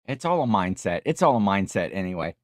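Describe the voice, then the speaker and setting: A man's voice: deep voice, very animated, brisk, dry recording, clean studio sound. A tired middle-aged man hosting a casual livestream, chatting and reading viewer comments in a rambling, jokey way. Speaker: livestream host.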